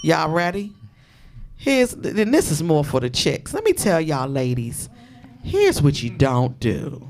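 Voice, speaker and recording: Lively D.C.-accented woman storyteller. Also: low-pitched, takes it slowly, slight background noise. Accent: Washington, D.C. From Washington, D.C. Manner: loud, profane, laughs often. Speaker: podcast host. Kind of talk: animated storytelling chat.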